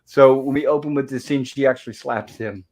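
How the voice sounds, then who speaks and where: A man in his home talks through an old sitcom episode in a relaxed, meandering way. His voice sits at an ordinary middle pitch. He chuckles often and strings thoughts together with "and of course" as he goes. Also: fairly quick. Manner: rambling, chuckling, leans on "and of course". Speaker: host recapping a TV episode. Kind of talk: casual episode review chat.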